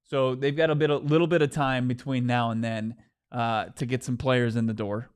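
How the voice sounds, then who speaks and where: A man co-hosting a casual sports podcast, animated and playfully exasperated, speaking from a studio. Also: mid-range voice, normal speed, clear, resonant tone. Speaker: podcast co-host.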